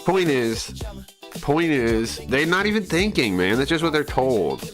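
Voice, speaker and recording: A man's voice: on the high side, big pitch swings, a little slow. A young man streaming live, ranting casually and heatedly with lots of swearing, rambling and restarting his sentences. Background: faint music.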